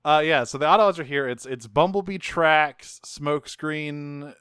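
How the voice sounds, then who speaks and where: A man co-hosts a podcast, recapping episodes in laid-back, joking talk. His voice is smooth and clear. The sound is dry and close. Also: fairly high pitch, moderate pace, fairly bright tone, no echo. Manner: laid-back, swears, laughs often. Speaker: podcast co-host. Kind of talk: casual chat recapping a cartoon.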